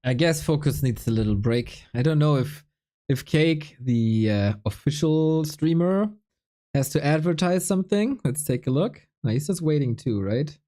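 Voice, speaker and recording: A man's voice: fairly high pitch, moderate pace. Tired, chatty male esports caster. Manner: relaxed, chatty, joking with chat. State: tired and a bit unwell. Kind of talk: casual live-stream commentary, chatting with viewers.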